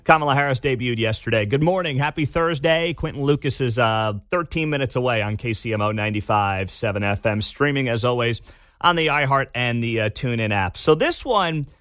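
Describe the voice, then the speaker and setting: A man hosting a talk radio show, giving animated, sarcastic commentary from a studio. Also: mid-range voice, a little fast, no room sound.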